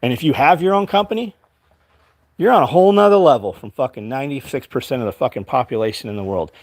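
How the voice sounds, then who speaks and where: A man's voice: mid-range voice, quick pace, no room sound, studio quality. A man who runs his own company, ranting bluntly and with heavy swearing about work ethic to his livestream audience. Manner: quotes his own past exchanges. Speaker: business owner and show host. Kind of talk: casual livestream talk.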